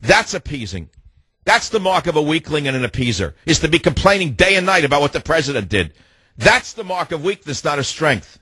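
A man's voice: on the high side, very animated, a little fast, pushed and bright, husky, no room sound. A man hosting a talk radio show, ranting in a scornful, combative way and cutting callers off. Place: radio studio.

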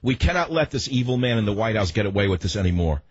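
A man's voice: on the low side, expressive, fast talker, slightly rough, no room sound, lo-fi sound. A man hosting a political talk radio show, delivering a combative, ranting monologue full of rhetorical questions. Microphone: studio microphone.

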